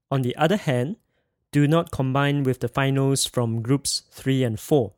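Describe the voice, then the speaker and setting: This is a male language teacher giving a pinyin lesson, his mid-range voice moving at a moderate pace. He enunciates carefully and repeats sounds for students to copy, all captured in clean studio audio.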